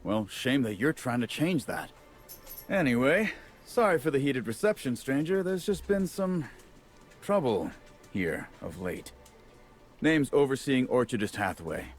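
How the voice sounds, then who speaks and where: An actor playing a gruff, harried male orchard overseer in a video game, blunt and sardonic with folksy speech. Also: mid-range voice.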